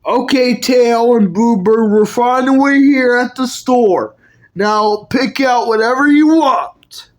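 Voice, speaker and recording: A woman acts out improvised toy role-play in a fairly high voice. She speaks very slowly and deliberately, line by line.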